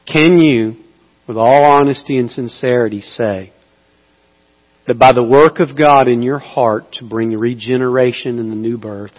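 A male preacher of middling pitch delivers his sermon, swinging from slow, hushed appeals to loud, pleading cries. The sound is dull, with a long hall reverb trailing behind him.

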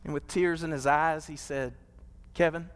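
A man preaching a sermon, building to drawn-out, impassioned peaks. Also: fairly high pitch, fairly even intonation, clean tone. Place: church sanctuary. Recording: long hall reverb.

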